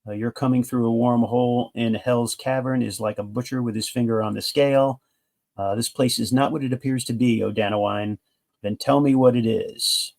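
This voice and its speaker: A man with a gravelly, fry-laced voice at an ordinary middle pitch talks through a comic book he loves. He retells the plot in a loose, enthusiastic ramble, stopping often to restart his sentences. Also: fairly even intonation, normal speed, darkish tone. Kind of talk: casual comic book review.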